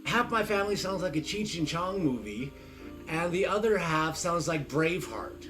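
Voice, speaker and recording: A man from Arizona with a fairly high voice chats casually on a live stream beside the host, animated and at a moderate pace, rambling off on long tangents. Game music plays in the background, and the recording is low quality.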